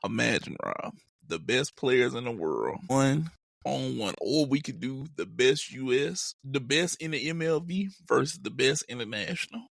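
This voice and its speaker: Podcast co-host guy, kinda gravelly and fry-ish, dead dry sound, joking around. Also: medium pitch, expressive, normal speed, a bit bright, no room sound. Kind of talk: casual podcast chat.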